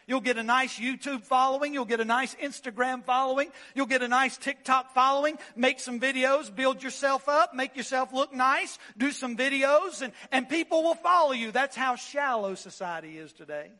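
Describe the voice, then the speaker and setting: A man's voice: very high voice, normal speed, hardly any pauses, pushed and bright, long reverb tail. A man preaching a sermon as pastor, emphatic, repeating lines and restarting words as he drives a point home.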